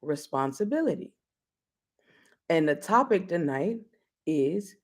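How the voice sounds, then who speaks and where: A woman's voice: on the low side, lively intonation, measured pace, pauses often, darkish tone. A woman hosting a casual live talk show, blunt and playful, laughing often and speaking straight to her viewers. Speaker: host.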